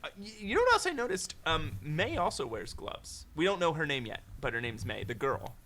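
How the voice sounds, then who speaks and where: A man hosting a podcast, recapping a movie in animated, joking, casual chat. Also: a little high, a little fast. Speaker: podcast host.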